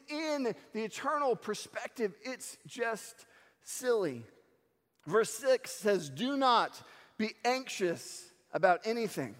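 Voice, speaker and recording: A man preaching a sermon, telling stories in an animated way and acting out the lines he quotes. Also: very high voice. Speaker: pastor. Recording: long hall reverb.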